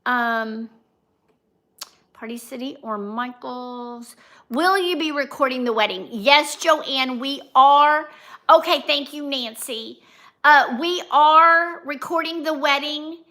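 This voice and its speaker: This woman's voice sits high and comes out slow, pushed and bright. As a vlogger and livestream host, she runs a casual stream where she chats, reads her viewers' comments aloud and welcomes them by name.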